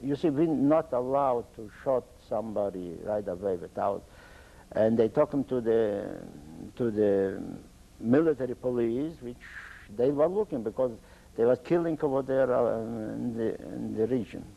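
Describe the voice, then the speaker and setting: An older man from Poland with an Eastern Polish accent, telling his own life story in halting, broken English. He often stops and restarts his sentences. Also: medium pitch, vocal fry, dark tone, lo-fi sound. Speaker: interviewee. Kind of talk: oral history testimony.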